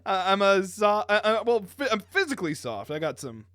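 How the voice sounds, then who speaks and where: A man's voice: high voice, big pitch swings, fairly quick, a bit bright, no room sound, studio quality. A young man co-hosting a podcast, chatting casually and rambling, often breaking into laughter. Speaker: podcast co-host. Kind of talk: casual chat.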